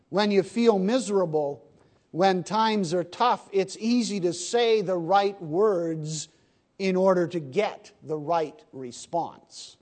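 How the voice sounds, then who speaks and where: A man preaching a sermon, swinging between hushed lines and loud, emphatic bursts. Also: high voice.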